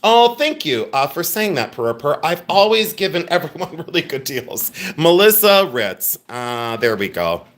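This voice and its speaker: A man's voice: on the high side, big pitch swings, measured pace, few pauses, fairly bright tone. A middle-aged man hosting a live jewelry sale, chatting and teasing as he greets viewers by name. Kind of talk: live-stream sales chat.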